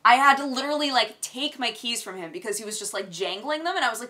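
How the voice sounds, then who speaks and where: A young woman hosting a casual daily vlog, telling a story in a lively, exasperated way. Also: fairly high pitch, fast talker, hardly any pauses. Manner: gets loud and exasperated retelling a rant. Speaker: vlog host.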